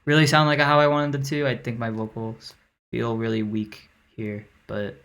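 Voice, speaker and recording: A woman's voice: very deep voice, flat delivery, normal speed, slight background noise. A woman casually talking a livestream through her own song mix, rambling with lots of fillers and the odd swear. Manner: loose, rambling and profane, full of "like" and "um".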